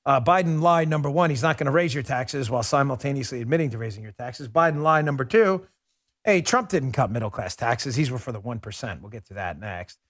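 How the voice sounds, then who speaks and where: A man's voice: medium pitch, brisk, a bit bright, no room sound, clean studio sound. A man hosting a political commentary show, delivering a sarcastic, mocking opinion monologue.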